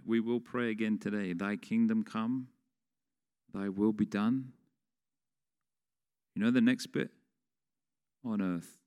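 A man's voice: on the low side, darkish tone. A man preaching a sermon in a conversational way, putting questions to the congregation. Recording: long reverb of a large hall.

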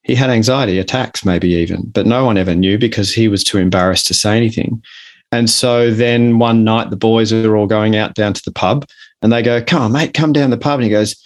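Australian man, lowish pitch, earnest, podcast guest, animated examples. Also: a little fast. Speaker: author and guest. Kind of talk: podcast interview chat.

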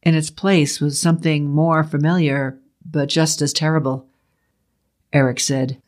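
A man narrating a first-person horror story in a steady, measured way. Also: on the high side.

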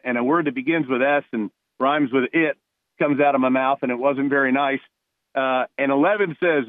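Man, tinny dry phone line, middle pitch, heartfelt rambling call-in guest, from New Jersey. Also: dry recording. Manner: emotional, rambling storytelling with many restarts. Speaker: guest, retired police officer and former college ballplayer. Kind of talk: phone-in radio interview.

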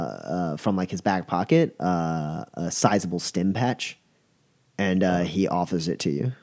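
Young guy game master, rambly, um uh all over, lowish voice. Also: a little mellow. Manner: rambling with many fillers, chuckling. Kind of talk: narrating a tabletop game.

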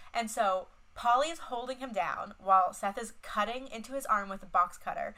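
Bright-voiced young woman co-host. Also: fairly high pitch, normal speed, few pauses, low-quality recording. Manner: swearing, animated retelling with many fillers. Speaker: podcast co-host. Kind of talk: casual chat.

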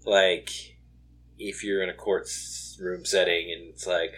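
Slow-talking rambling man on a podcast. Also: sits low, level tone, fairly bright tone, slightly rough. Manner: rambling, many fillers and restarts. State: tired, late at night. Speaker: podcast co-host. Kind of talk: casual podcast chat.

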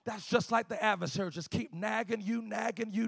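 A male preacher, delivering a sermon in a chanted, shouting cadence with an "uh" before each phrase, at times dropping to quiet storytelling. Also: high voice, fairly even intonation, a little fast, gravelly, few pauses, slightly rough, no room sound.

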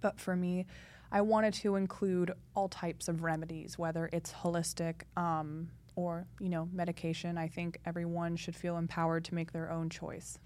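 A young woman, a podcast guest, chatting in a lively way full of fillers as she tells her story. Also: lowish voice, moderate pace. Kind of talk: casual interview talk.

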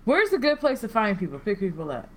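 A woman trades jokes on a podcast in a blunt, foul-mouthed, teasing way. Her voice sits at a middle pitch, with a faint hiss behind it. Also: wildly swooping pitch, fast talker. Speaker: podcast co-host. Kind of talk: casual chat.

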